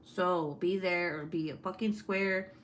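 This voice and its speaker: A woman's voice: on the low side, fairly even intonation, measured pace. A woman hosting a casual livestream, reading out chat comments, laughing often and swearing freely.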